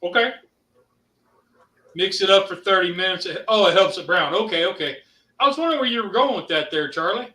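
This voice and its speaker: A man from Ohio co-hosting a casual cooking show, talking in a rambling, halting way with many fillers. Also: high-pitched, expressive, pushed and bright. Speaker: co-host. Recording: roomy sound, mic at a distance.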